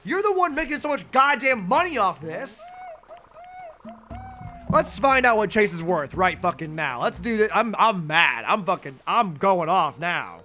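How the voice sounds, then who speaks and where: Soft music plays behind a young streamer whose high, bright, forceful voice has an unhurried, sing-song lilt. Playing a game at home, he launches into a heated, profanity-laden rant into his desk microphone, full of sarcasm.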